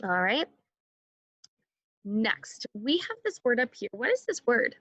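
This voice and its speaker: A woman teaching a second grade phonics lesson, sounding out words slowly and clearly and having the class repeat after her. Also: on the high side, very animated, fairly bright tone, dry recording, dull audio.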